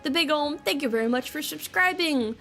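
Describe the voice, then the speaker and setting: A young adult woman streaming casually, joking and rambling with frequent swearing and quick laughs, reading chat from a home desk mic. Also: sits high, animated, pushed and bright, faint music behind. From United States. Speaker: VTuber streamer.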